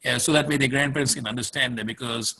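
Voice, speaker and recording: A man from India on a discussion panel, telling an anecdote with animated repetition. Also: medium pitch, fast talker, gravelly, low-quality recording. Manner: animated storytelling, repeats himself. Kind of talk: casual discussion.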